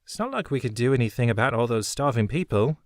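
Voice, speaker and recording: A man's voice: mid-range voice, big pitch swings, quick pace, no echo, clean studio sound. A man voicing a shrewd, wry young woman smuggler who talks in a chipper, blunt way.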